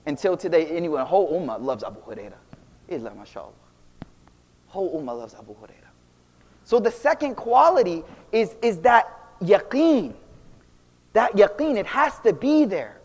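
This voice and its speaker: A young man giving a casual, animated Islamic talk full of slang, swinging between loud and quiet. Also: high-pitched, normal speed, pauses often. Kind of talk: casual storytelling lecture. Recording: long reverb of a hall.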